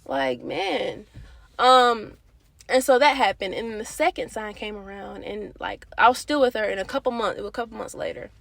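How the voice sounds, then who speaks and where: A young woman vlogger telling a personal faith testimony in a candid, animated, slangy way. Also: mid-range voice, normal speed, gravelly, no room sound. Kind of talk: casual testimony.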